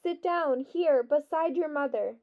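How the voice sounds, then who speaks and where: A calm, kindly woman doctor from a storybook, voiced by a woman reading aloud, with a high, soothing, slow voice. The recording sounds dull and lo-fi.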